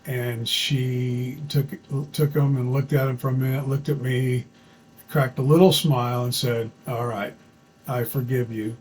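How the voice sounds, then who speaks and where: Man, casual personal storytelling, folksy, chatty, fillers and restarts, faint background rumble. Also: little pitch movement, measured pace, a little mellow, poor audio.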